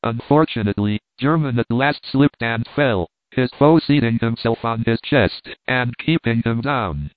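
A man reading an old sea novel aloud as an audiobook narrator, at a steady, measured pace. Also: medium pitch, no echo. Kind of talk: scripted narration. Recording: tinny phone-like dry sound.

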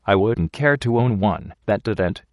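Man reading rough working-class young man, blunt, folksy ungrammatical speech, low voice, dry close sound. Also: expressive, unhurried, a little mellow, no room sound. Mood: earnest. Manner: plain-spoken ungrammatical folksy talk. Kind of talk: audiobook character reading.

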